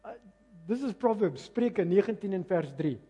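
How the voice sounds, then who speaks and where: A man preaching a passionate, emphatic sermon that swings between loud and quiet. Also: high voice, lively intonation, normal speed, slightly rough. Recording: long reverb of a large hall.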